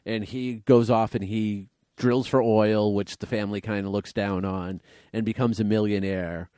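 A man's voice: fairly low pitch, steady tone, normal speed, mellow, dry recording, studio quality. A man co-hosting a casual movie podcast, rambling a little and reading trivia aloud. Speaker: podcast co-host.

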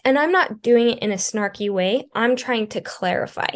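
Woman coach on a podcast, earnest and thoughtful, says "like" a lot, voice a bit on the high side. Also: animated, normal speed, hardly any pauses. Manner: earnest, thoughtful, many filler "likes". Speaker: marriage coach. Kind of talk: casual podcast conversation.

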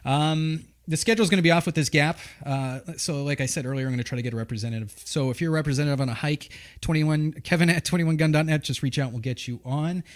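A man's voice: a little high, fast, hardly any pauses. A man hosting a podcast from Massachusetts, talking casually in a loose, joking and rambling way with frequent restarts. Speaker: podcast host. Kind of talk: casual chat.

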